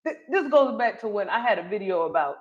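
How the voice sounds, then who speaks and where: A woman's voice: medium pitch, very animated, fast talker. Chatty Southern woman on a live stream. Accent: Southern US, North Carolina. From Charlotte, North Carolina. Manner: chatty, laughing often, correcting herself mid-thought. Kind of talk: casual live-stream commentary. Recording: slightly dull lo-fi audio.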